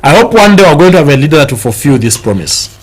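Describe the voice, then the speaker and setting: On a rough recording, a Zambian morning TV host talks his way through the day's newspapers in a casual studio chat. He speaks quickly in a slightly rough, a little high voice with a Zambian English accent, animated and laughing often as he tosses in jokes and local words.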